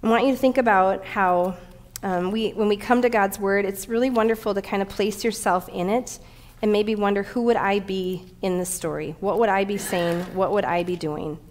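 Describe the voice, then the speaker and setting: A middle-aged woman pastor preaching a sermon, telling a personal story with animated, emotional delivery. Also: mid-range voice, normal speed.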